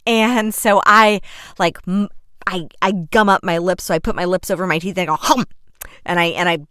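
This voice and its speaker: Smooth-voiced woman telling a lively story. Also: fairly low pitch, brisk, dry recording, clean studio sound. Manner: animated, vivid storyteller who acts out scenes; chatty, many fillers and self-corrections. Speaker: podcast host and coach. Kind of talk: casual storytelling monologue.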